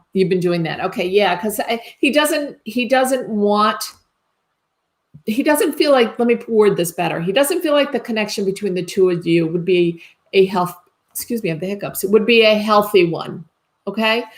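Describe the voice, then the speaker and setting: A woman working as a psychic medium, giving a live reading in a tentative, reassuring way and often checking whether she has things right. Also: mid-range voice.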